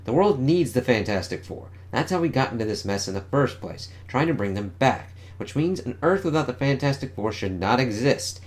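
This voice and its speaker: A man reading the lines of an urgent, analytical young woman genius from a comic, in a slightly hurried voice. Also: mid-range voice, expressive, lightly acted. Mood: earnest.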